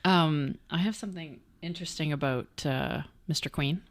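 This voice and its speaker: Woman co-host, giggly and punning, lowish voice, dry close recording. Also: normal speed, no room sound. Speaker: podcast co-host. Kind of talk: casual chat.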